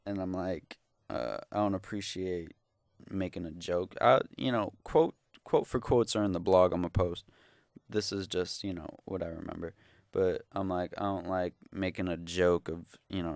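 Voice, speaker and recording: A man's voice: sits low, creaky, a little mellow, no room sound, studio quality. A young man ranting into the camera, exasperated, sarcastic and profane in a casual vlog. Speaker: vlogger.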